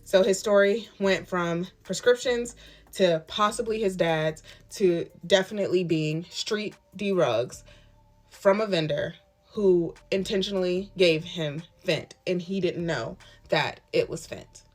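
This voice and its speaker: A woman's voice: lowish voice, measured pace, soft background music. A woman in her twenties, emphatic and candid, telling her own story in a storytime vlog and acting out what others said. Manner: emphatic and candid, retelling events with quoted dialogue.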